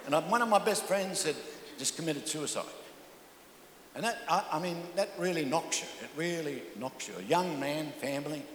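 A man's voice: a little high, normal speed, slight background noise. An older man preaching a humorous sermon as pastor, telling jokey stories with stammering restarts. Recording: echoey hall.

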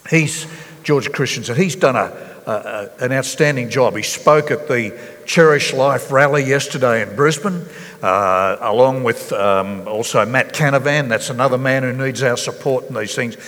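A man preaching a sermon as pastor, earnest and halting, with many fillers and restarts. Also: mid-range voice, a bit bright, in a large hall. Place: church hall.

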